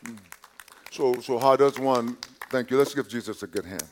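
A male pastor preaching a sermon in a conversational way, repeating and restarting words, dropping to quiet asides and rising on key points. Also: medium pitch, moderate pace, crowd noise, noisy background. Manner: drops to quiet asides, rises on emphasis.

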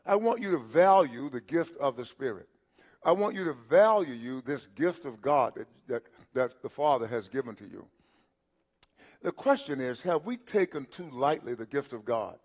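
A man's voice: mid-range voice, animated, breathy edge. Older preacher man in his seventies. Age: 70s. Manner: repetitive preaching with rhetorical questions, swelling louder at points; halting restarts and filler sounds. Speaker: pastor. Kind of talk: sermon.

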